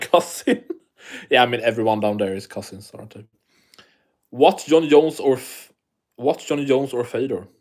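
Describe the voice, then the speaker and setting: A man's voice: medium pitch, darkish tone. A man from Sweden, hosting a casual live stream, chatting and reading the chat aloud while swearing freely.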